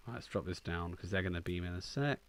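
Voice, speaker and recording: A man's voice: deep voice, fast. A man casually commenting on the game he is playing as a streamer, chatty and playfully joking at his own expense. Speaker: gaming streamer.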